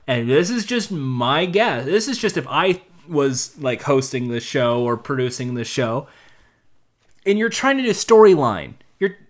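A man's voice: medium pitch, fairly bright tone. A man giving a casual, opinionated commentary monologue, thinking aloud with frequent restarts.

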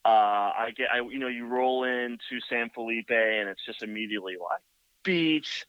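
Bright-voiced man rambling through a story. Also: mid-range voice, steady tone, moderate pace, clean tone, no room sound. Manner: rambling, filler-heavy with many "like" and "you know". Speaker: motorcycle builder guest. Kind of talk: casual storytelling on a podcast. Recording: dull lo-fi, dry sound.

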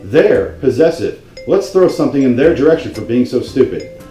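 Male video host with a warm, low-toned voice ranting sarcastically about grammar, swearing a lot, recorded with a roomy echo. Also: very animated, normal speed, faint music behind. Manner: profane, exasperated and sarcastic. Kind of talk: comedic grammar rant.

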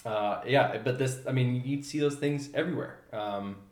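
A young man telling a story in casual chat, animated, with many fillers, trailing off quietly. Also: mid-range voice, normal speed, reverberant. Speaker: podcast guest.

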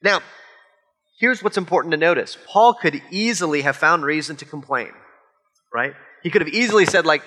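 A man preaches a sermon in a relaxed, conversational way, slipping in joking asides. His voice sits high and sounds bright and forceful. A long hall reverb trails behind his words. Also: moderate pace. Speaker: pastor.

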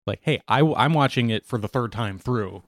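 A man's voice: mid-range voice, brisk, no echo, clean studio sound. A man co-hosting a casual talk show, easing into a new topic and introducing a clip. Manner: relaxed, sets up topics and clips. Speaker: podcast co-host. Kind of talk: casual chat.

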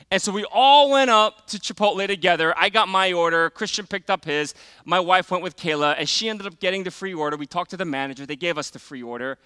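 Conversational pastor with a bright, crisp voice. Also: male voice, high voice, fast, no echo. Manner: conversational storytelling, many fillers, drops to quiet for emphasis. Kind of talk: sermon with personal story.

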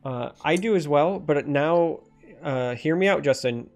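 A man's voice: on the high side, unhurried, a little mellow, soft background music. A man from northern Michigan with a slightly nasal accent, co-hosting a casual stream chat and explaining game rules at length. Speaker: stream co-host.

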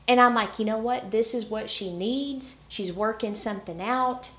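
A woman's voice: on the high side, normal speed, a bit bright, reverberant. A woman telling stories in a casual chat about relationships, laughing often as she talks. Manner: chatty storyteller, laughs often.

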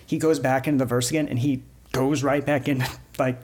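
A man hosts a podcast in loose, casual conversation. He cracks teasing jokes and quick asides, with a voice of ordinary, middle pitch. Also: fairly even intonation, a little mellow, slight background noise. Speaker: podcast host.

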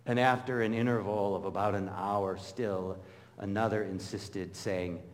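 A middle-aged pastor preaches a sermon in a lowish voice at normal speed, with long hall reverb on the recording. He tells stories animatedly, acting out the voices of the people he quotes.

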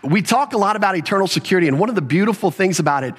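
A man's voice: high voice, expressive, very fast, husky, long reverb tail. A man giving sermon-style Bible teaching, explaining step by step and leaning hard on key verses.

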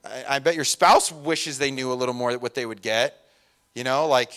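A man's voice: mid-range voice, fast talker, a bit bright. A middle-aged male pastor giving a sermon in a casual, conversational way, with many fillers and restarts.

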